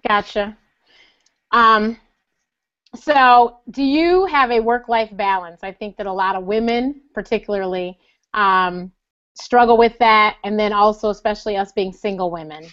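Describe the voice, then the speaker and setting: A woman's voice: mid-range voice, a little slow, fairly bright tone. A woman hosting an interview, asking questions and affirming her guest's answers. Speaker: interview host. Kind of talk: casual interview. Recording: dull lo-fi sound.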